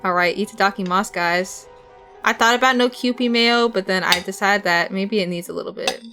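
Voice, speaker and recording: A young woman rambles and giggles through a casual chat with her stream viewers, talking as she eats. Her voice is bright and crisp at a middle pitch. Soft music plays faintly behind her. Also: moderate pace. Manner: rambling, giggly, talks while eating.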